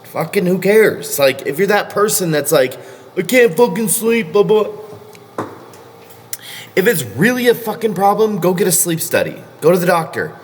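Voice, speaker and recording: A man's voice: sits high, big pitch swings, fairly quick, hardly any pauses, a little hiss or hum. A man coaching powerlifters in a casual vlog rant, blunt and scolding, swearing constantly. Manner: blunt, heavily profane, scolding.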